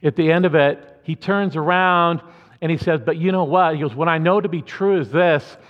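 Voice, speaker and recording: A man's voice: fairly high pitch, fairly even intonation, moderate pace. A man preaching a sermon as pastor, conversational and earnest, with asides to the congregation. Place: church sanctuary. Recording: muffled church hall reverb.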